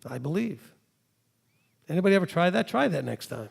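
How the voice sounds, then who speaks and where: A man with a high, gravelly voice preaches to a live congregation. He teaches in an animated way and acts out imagined back-and-forth conversations as he goes. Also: rapid-fire. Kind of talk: sermon-style teaching with acted dialogue.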